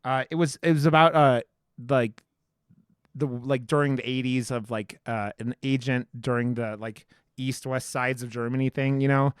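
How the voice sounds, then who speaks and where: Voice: mid-range voice, steady tone, moderate pace, clear, resonant tone, no echo, studio quality. A podcast co-host in a casual horror movie review chat, rambling with many restarts and casual swearing.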